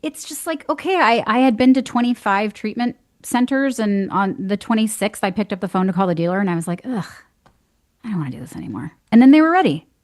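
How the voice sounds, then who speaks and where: A woman guest on a podcast, chatting casually, animated and laughing as she tells stories and acts out other people's words. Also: on the high side, quick pace, few pauses. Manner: animated storyteller, acts out quoted voices, laughs often. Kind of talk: casual conversation.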